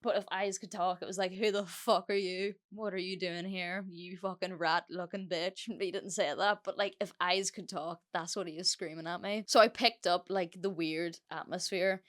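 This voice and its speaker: A young woman hosting a solo podcast, telling a story in a chatty, sweary way with lots of fillers. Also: on the low side. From Ireland. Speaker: podcast host.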